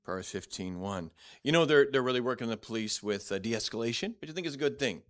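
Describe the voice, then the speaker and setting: A man's voice: mid-range voice, expressive, fast, a bit bright. A man teaching a church Bible class in a blunt, direct, conversational way, often restarting and repeating words.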